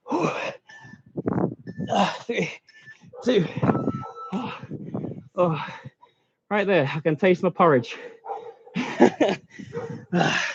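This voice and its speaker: A man's voice: high voice, creaky, slight background noise. A man coaching a live workout, out of breath, counting down seconds and urging people on between short laughs. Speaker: fitness coach. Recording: dull lo-fi stream audio.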